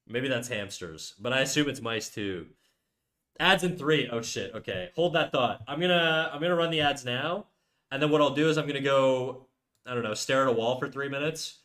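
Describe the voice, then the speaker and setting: A young man chats casually on a live stream from a room at home, cracking crude jokes and rambling with frequent restarts. His voice is mid-range with a fairly bright tone, at a normal speed.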